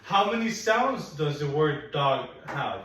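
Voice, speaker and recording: A patient, encouraging man leads a one-on-one phonics lesson, drawing out each sound slowly. His voice sits a little high, heard from a distance in a very echoey classroom with a faint hiss behind it. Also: big pitch swings. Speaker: phonics teacher. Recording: echoey room, mic at a distance.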